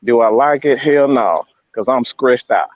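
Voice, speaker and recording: A man co-hosting a casual sports talk show, hoarse from losing his voice, emotional and stammering as he speaks from home. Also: medium pitch, animated, measured pace, lo-fi sound. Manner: emotional, stammering, restarting lines. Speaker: sports podcast co-host. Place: indoors at home without air conditioning.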